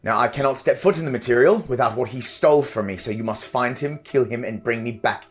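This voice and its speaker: A man's voice: medium pitch, a little fast, voice pushed up, close to an everyday voice. A man voicing a scheming, menacing patron spirit that speaks to a party of mercenaries in a pompous, threatening way.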